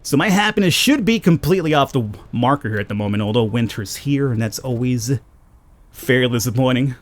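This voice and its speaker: A man with a low voice giving rambling, casual commentary on a game he is playing, and chatting to the characters on screen. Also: expressive, a little fast. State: panicked, high and urgent. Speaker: let's play gamer.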